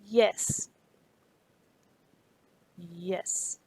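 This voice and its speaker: A woman's voice: fairly low pitch, fairly even intonation, very slow, darkish tone, husky, no echo. An Australian woman streamer from Perth, chatting casually with her viewers while she works on a 3D model and laughing easily. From Perth, Western Australia.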